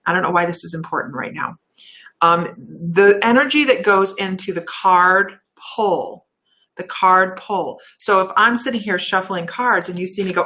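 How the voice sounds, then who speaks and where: Bright-voiced chatty woman giving readings. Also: mid-range voice, normal speed. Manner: chatty, laughs at herself, drifts off topic. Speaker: intuitive reader and shaman. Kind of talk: live-stream readings and chat.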